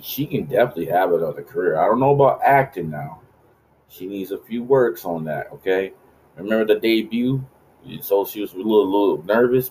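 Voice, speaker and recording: Deep-voiced man rambling on a podcast. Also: dark tone, a little hiss or hum, low-quality recording. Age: late 30s. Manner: rambling, profane, laid-back. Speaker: podcast host. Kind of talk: casual podcast monologue.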